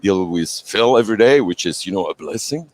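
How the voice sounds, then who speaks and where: A man's voice: sits low, animated, fairly quick, no room sound. A middle-aged man from Belgium with a Belgian French accent, chatting playfully and mocking himself a little in an interview. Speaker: cigar brand manager. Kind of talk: casual interview chat.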